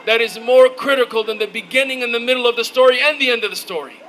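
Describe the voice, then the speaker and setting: A man giving an impassioned, shouted rally speech outdoors, rousing the crowd with call-and-response. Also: extremely high pitch, fast, noisy background. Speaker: rally speaker.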